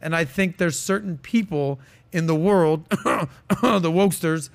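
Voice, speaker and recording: A man's voice: on the high side, a little slow. A man hosting a podcast, giving casual, emphatic commentary that is full of fillers. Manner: emphatic, quoting and reading aloud, many fillers. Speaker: podcast host.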